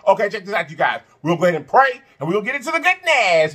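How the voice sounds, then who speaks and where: A man hosts a casual eating-show video with a voice that sits a touch high. His delivery swings widely in pitch as he chants catchphrases to his viewers and hums through mouthfuls. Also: very animated, fast, hardly any pauses, sharp tone, slightly rough. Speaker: mukbang channel host.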